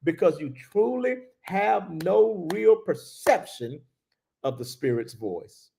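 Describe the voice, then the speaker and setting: Animated preaching man with gravelly voice. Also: high voice, takes it slowly. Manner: animated preaching with laughs and repeated phrases. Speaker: bishop. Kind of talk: sermon. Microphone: livestream.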